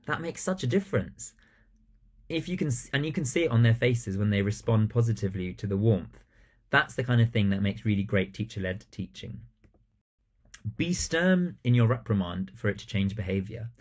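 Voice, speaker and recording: A man giving a recorded training talk to teachers, animated and acting out the phrases he would use in class. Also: medium pitch. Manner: animated, acts out classroom phrases with changing emphasis.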